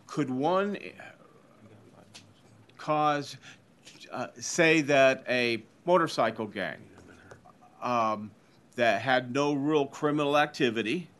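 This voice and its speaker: A man testifying as a member of the public at a legislative hearing, speaking deliberately and hesitantly, thinking aloud. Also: mid-range voice, a bit bright.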